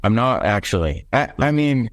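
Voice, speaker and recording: A man's voice: mid-range voice, very animated, moderate pace, dry recording. Young American male guest, friendly and loose, dry close recording. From United States. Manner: friendly, casual, says dude and like a lot. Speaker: podcast guest. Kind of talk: casual interview chat.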